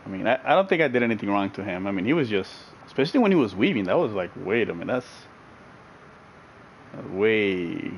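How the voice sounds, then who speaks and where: Middle-aged male streamer, casual chatty play-by-play, reads chat aloud, laughs a lot, mid pitch, heavy game engine noise behind him. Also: big pitch swings, rapid-fire, hardly any pauses, dull audio. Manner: chatty, reads out viewer comments, laughs often. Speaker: sim racing streamer. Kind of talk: live stream chat while racing. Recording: racing game car noise loud behind voice.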